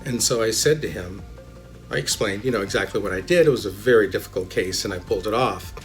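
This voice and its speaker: A man who works as an immigration lawyer, telling personal anecdotes in a relaxed, chatty way with many fillers. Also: lowish voice, quick pace, soft background music. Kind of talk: anecdotal storytelling.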